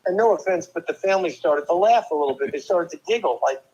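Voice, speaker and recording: An older man from New Jersey, a former tennis player and guest, telling lively stories with quick asides and restarts. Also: a little high, lo-fi sound. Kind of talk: casual storytelling interview.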